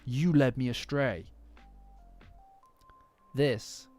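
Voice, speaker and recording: A man with a Nottingham accent chats loosely on a live stream, pitched squarely in the usual male range. He wanders off topic and teases himself along the way. Soft lofi music plays faintly underneath. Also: extremely slow. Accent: Nottingham English. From Nottingham, England. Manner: rambling, easily distracted, self-mocking. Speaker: streamer reacting to a manga chapter with chat. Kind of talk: casual live-stream chat. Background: faint lofi background music.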